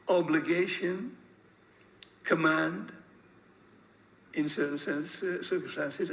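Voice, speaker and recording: A man's voice: fairly high pitch, gravelly, fairly bright tone, low-quality recording. A man teaching a grammar lesson, hesitant, with many fillers and repeated words. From northern England. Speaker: English teacher. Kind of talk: lecture-style grammar lesson.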